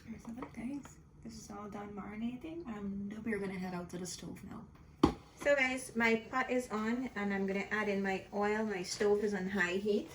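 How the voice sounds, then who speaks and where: A woman's voice: medium pitch, normal speed. A woman hosting a home cooking video in her kitchen, walking viewers through each step of a recipe. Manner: walks viewers through each step, often says "so guys". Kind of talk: cooking tutorial narration. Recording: echoey kitchen with background noise.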